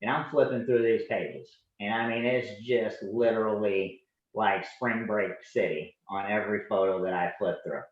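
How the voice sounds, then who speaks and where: A man's voice: fairly low pitch, moderate pace, highs cut off. Man in his forties telling stories, roomy sound. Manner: animated anecdotes, acting out dialogue. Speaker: podcast guest, Navy veteran. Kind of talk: casual storytelling.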